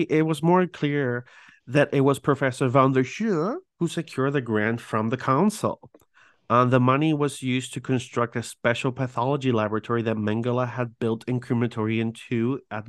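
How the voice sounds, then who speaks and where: A man hosting a podcast reads from his notes in a mid-range voice, breaking off into casual, self-mocking asides whenever a foreign word trips him up. The sound is close and dry, with no room echo. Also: medium pitch. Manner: stumbles over foreign words, self-mocking. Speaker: podcast host. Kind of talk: reading prepared narration with casual asides.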